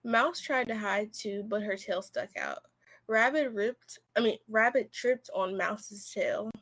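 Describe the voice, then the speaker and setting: A woman's voice: medium pitch, slow, a bit bright. A teenage girl on a video call reading a picture book aloud, correcting slips as she goes. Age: teens. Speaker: student volunteer reader.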